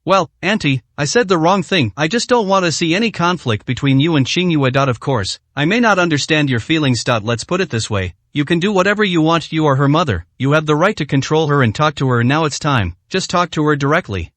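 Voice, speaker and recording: A man voicing a tactful young woman who speaks softly and conciliatorily to an angry elder. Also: on the high side, lively intonation, a little fast, hardly any pauses, no room sound. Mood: placating. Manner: soft, conciliatory.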